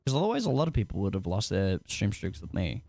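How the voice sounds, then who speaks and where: A young man streaming a game live, chatting to his viewers in a rambling, excitable, self-mocking way. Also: low-pitched, quick pace, gravelly, noisy background. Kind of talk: casual gaming livestream chat.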